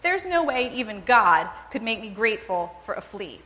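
A woman playing an anxious younger sister, higher-pitched than the reader's own voice, exclaiming and wailing in grudging complaint. A long hall reverb trails each line. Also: sing-song, normal speed, sharp tone. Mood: fretful. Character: anxious, reluctant younger sister in a prison camp.

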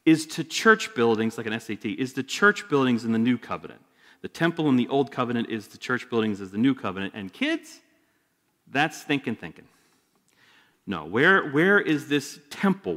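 A man's voice: fairly high pitch, fairly bright tone. A male pastor giving a sermon in a church sanctuary, talking conversationally with joking asides. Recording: long hall reverb.

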